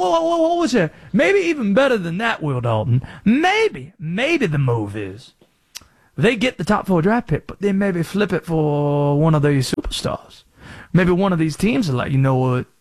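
A man's voice: sits high, dry recording, studio quality. A man putting on a Southern accent to voice a theatrical, conspiracy-minded male sports pundit on talk radio. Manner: drawling, theatrical, rhetorical questions.

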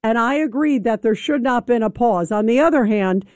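Brief: high-pitched female radio host, forceful and combative, dry studio sound. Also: animated, fairly quick, no room sound. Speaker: radio talk show host. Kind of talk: call-in talk radio.

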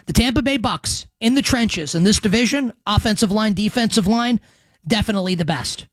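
A man's voice: sits high, fairly quick, no room sound. Brief: male sports radio host, punchy and emphatic, dry close mic. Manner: emphatic, animated, crude joking asides. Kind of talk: sports radio and podcast predictions.

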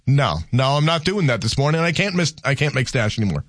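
A man's voice: medium pitch, expressive, quick pace, no echo, clean studio sound. A man hosting a morning radio show, chatting casually with many restarts and jokes. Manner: rambling, many restarts, joking. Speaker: radio host. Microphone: studio microphone.

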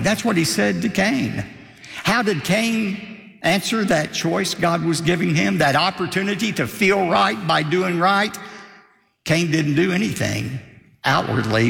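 Gravelly older man preaching a sermon. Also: a little high, fairly bright tone. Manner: emphatic preaching, rising for quotes. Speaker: pastor. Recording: long hall reverb.

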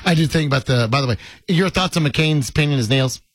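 A man's voice: on the high side, brisk, dry recording. A man hosting a sports radio show, joking and laughing with his co-hosts in casual banter. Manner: joking, playful, laughs often.

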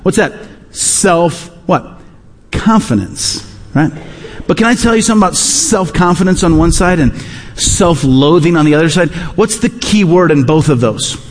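A middle-aged male pastor delivers a sermon in a large church hall. His voice sits fairly high and rings with long reverb. He drives points home by repeating key words. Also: expressive, moderate pace, a little hiss or hum.

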